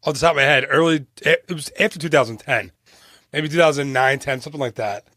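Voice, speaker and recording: A man's voice: a little high, pushed and bright, no room sound, studio quality. A man hosting a casual travel podcast, chatting and joking with his co-host. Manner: joking, chatty, quick asides. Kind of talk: casual chat.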